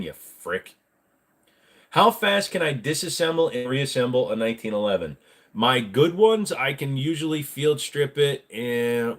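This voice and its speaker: A man hosting a casual livestream Q&A, answering viewer questions bluntly and rambling with frequent fillers. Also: medium pitch.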